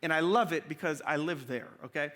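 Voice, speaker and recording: A man's voice: on the high side, fairly quick, fairly bright tone. A middle-aged male pastor preaching a sermon in a conversational, slangy, joking storytelling way.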